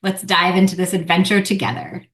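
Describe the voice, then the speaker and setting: A woman's voice: fairly low pitch, level tone, brisk, a bit bright. A woman reading a scripted, upbeat podcast introduction. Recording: echoey room.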